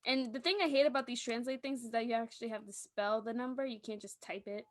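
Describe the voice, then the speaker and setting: A young woman co-hosting a podcast, telling lively stories in casual chat and acting out the people she quotes. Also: fairly high pitch, quick pace, no room sound. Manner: animated storytelling, acting out quotes with laughs. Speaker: podcast co-host.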